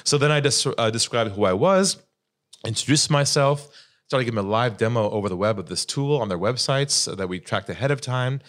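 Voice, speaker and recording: A man telling a sales story as a podcast guest, dramatic and lively, acting out the voices of the people in it. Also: mid-range voice, brisk. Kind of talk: animated storytelling.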